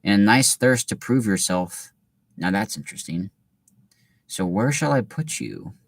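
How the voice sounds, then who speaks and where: A shrewd old talking hat from a storybook weighs up a young student, musing low and slow, as a man reads it aloud. The voice sits deep and the sound is close and dry, with no room around it. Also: lively intonation, no room sound.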